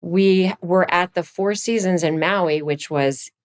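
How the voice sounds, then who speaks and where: Lively middle-aged woman telling stories. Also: slow pace. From Virginia, USA. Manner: animated storyteller, jumps high for quoted lines. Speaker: podcast guest. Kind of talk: casual chat.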